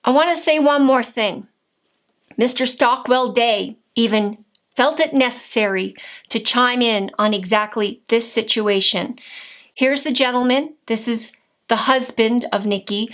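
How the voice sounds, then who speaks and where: A woman's voice: on the high side, a little slow, a bit bright. A woman delivering an angry political rant to camera, indignant and combative, firing rhetorical questions. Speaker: political vlogger.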